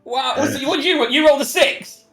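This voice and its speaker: A bright-voiced man narrating as game master, his tone light and fairly high. He laughs often and rambles through the action in a loose, chatty way. Faint music plays in the background. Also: normal speed. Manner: lively, giggly, rambling narration.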